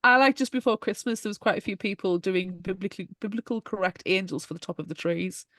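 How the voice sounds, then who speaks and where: A woman co-hosting a podcast, chatting casually with quick reactions and frequent giggles. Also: medium pitch, a bit bright, no echo. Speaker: podcast co-host.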